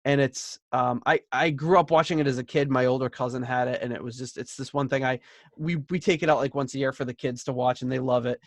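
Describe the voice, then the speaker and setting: A man's voice: medium pitch, steady tone, fast, dry recording. A man in his thirties hosting a podcast, chatting casually and rambling about an album, laughing easily. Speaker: podcast host. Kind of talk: casual album review chat.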